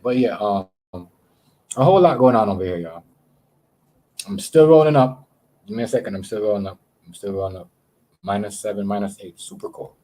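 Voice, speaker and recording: Male streamer, slightly husky, loose profane rambling chat to viewers, from Canada. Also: medium pitch, dark tone. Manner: rambling, profane, repeats words. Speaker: live streamer. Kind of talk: casual livestream chat.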